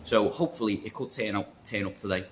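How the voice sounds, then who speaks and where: A vape shop worker vlogs in a casual, rambling way, joking and mocking himself. His voice sits on the low side, he talks fast, and the background is noisy.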